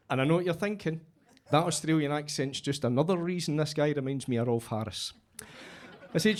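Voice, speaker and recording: A man's voice: on the high side, brisk. A middle-aged Scottish man doing a stand-up set, telling stories dryly and landing punchy punchlines. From Scotland. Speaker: stand-up comedian.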